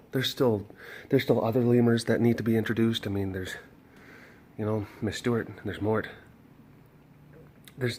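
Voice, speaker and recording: A young man with a somewhat low voice talks through updates in a loose, rambling vlog manner. He restarts sentences often and leans on fillers as he explains things to his viewers. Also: a little mellow, a little hiss or hum. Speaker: animal sanctuary caretaker. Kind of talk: casual vlog talk.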